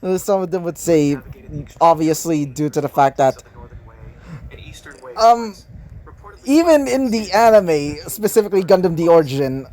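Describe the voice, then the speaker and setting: Man, casual fan story narrator, slightly high, very lively pitch, self-correcting. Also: measured pace, pauses often. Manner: rambling, often correcting himself mid-sentence.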